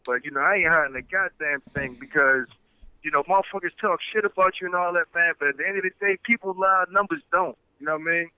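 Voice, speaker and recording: A man's voice: a little high, quick pace, smooth, no room sound, narrow, tinny audio. A man in a casual livestream chat, ranting in a streetwise way and bragging about his channel while calling himself humble. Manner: boastful yet humble-claiming, streetwise rant.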